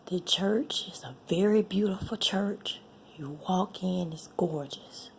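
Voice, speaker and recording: A woman tells a personal story, repeating herself and often sinking into a breathy whisper. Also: fairly low pitch, slow pace, slight background noise. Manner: emotional, repeats phrases, drops to a breathy whisper. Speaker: vlogger sharing a personal testimony.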